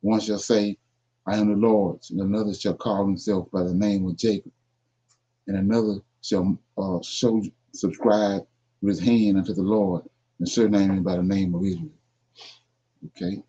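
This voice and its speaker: Dark husky man reading scripture. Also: low voice, steady tone, moderate pace. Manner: reads verse aloud, stops to explain. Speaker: Bible class teacher. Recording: dull lo-fi sound.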